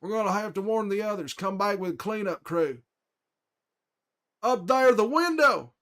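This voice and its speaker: A man doing a strained, high-pitched younger brother. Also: expressive, a little slow, a bit bright. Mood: urgent. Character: jumpy younger brother, tense and urgent.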